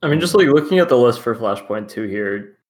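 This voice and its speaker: A man on a casual esports panel, talking through stats in a measured, analytical way. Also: medium pitch, lively intonation.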